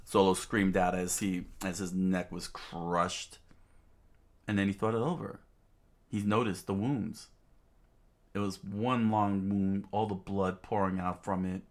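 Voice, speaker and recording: A man casually reading a manga aloud, halting often with fillers and restarts. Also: sits low, flat delivery. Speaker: reader.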